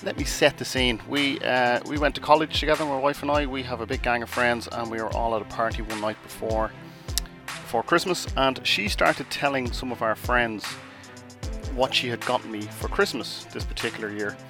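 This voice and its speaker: A man's voice: medium pitch, steady tone, moderate pace, over music. A middle-aged man hosting a podcast, telling a story in a chatty, self-mocking way. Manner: chatty and self-mocking, with restarts and acted asides. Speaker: podcast host.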